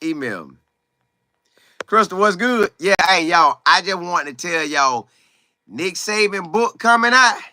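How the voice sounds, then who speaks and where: A man hosting a casual football livestream, greeting viewers by name and talking in animated, quick bursts. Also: high voice, no echo, studio quality. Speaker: livestream host. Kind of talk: casual live chat about football.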